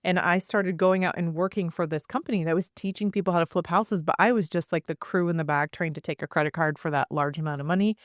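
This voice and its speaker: Her voice lowish and steady in tone, a roughly forty-year-old woman on a podcast as a guest recounts her story with animation, imitating people she quotes and speaking in quick bursts full of asides. The audio is clean studio sound without room sound.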